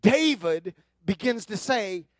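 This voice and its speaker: A man preaching a sermon from the pulpit, emphatic and building into forceful runs. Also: sits high, lively intonation, slow pace. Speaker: pastor.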